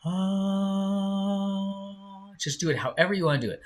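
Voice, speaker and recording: Pitched fairly high and a bit bright, this animated male voice belongs to a singing teacher running a live class online. He speaks slowly and encouragingly, drawing out his words, and shows his students by singing.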